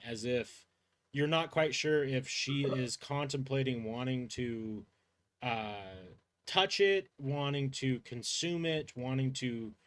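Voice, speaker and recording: Game master, male, casual rambling narrator, mid-pitched voice. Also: a bit bright. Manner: loose, rambling narration full of fillers. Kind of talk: narrating a tabletop role-playing game.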